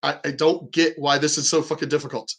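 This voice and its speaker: Man, higher voice, profane, blunt, casual reaction talk, storytelling. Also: level tone, brisk, a bit bright, poor audio. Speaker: commentator reacting to clips.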